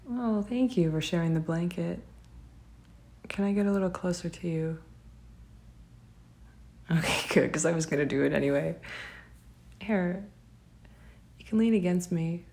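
A young woman, speaking gently and tenderly to a partner in a whispered role-play, with soft laughs. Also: fairly low pitch, a little slow, long pauses. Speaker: affectionate partner.

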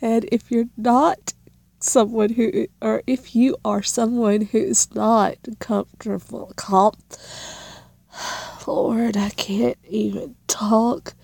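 Slow, gravelly-voiced woman vlogger. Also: on the high side, fairly even intonation, darkish tone, no room sound. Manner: rambling, giggly, self-deprecating. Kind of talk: casual tag-challenge vlog.

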